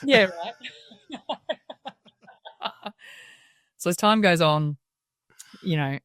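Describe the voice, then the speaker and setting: An Australian woman, a guest in an interview, telling her story in a lively way and acting out the voices of people she quotes. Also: lowish voice, extremely slow, no echo, clean studio sound. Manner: lively storyteller who acts out quoted voices and laughs often. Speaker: interview guest, wellbeing speaker.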